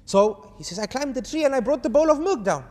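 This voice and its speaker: A man preaching to an audience, telling a story and acting out its dialogue with animated shifts of voice. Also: very high voice, brisk, in a large hall. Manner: urges the audience to answer. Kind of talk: storytelling sermon.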